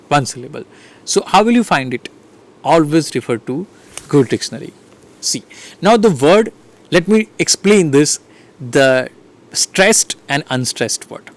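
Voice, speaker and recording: A man with an Indian English accent giving an online lecture to teachers, pausing often with fillers and restarting his sentences. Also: on the high side, expressive. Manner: hesitant, many fillers and restarts. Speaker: teacher educator.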